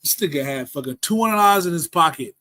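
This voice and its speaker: Man, casual podcast storyteller, profane and animated, slightly high voice, frequent laughter. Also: quick pace, low-quality recording.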